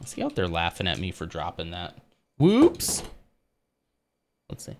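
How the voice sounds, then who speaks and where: A man's voice: low voice, fairly even intonation, quick pace, gravelly, fairly bright tone, a little hiss or hum. A man livestreaming as he builds a Lego set, chatting casually and laughing often at himself.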